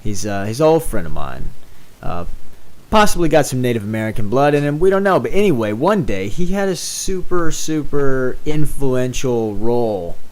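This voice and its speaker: A man co-hosting a relaxed podcast, his pitch sitting right in the middle. He tells stories in a lively, animated way, with casual swearing along the way. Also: moderate pace. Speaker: podcast co-host. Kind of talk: casual chat.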